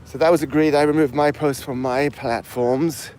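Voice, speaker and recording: A little hiss or hum accompanies this casual live stream from an English man in his fifties with a mixed accent, who is out of breath walking uphill outdoors. His voice is on the high side, steady and darkish, at a moderate pace, as he rambles and responds aloud to chat comments.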